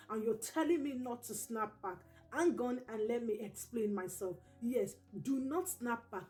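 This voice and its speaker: High-voiced woman giving parenting tips. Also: warm tone. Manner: emphatic, repeats key points slowly. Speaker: parenting channel host. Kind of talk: direct-to-camera parenting advice.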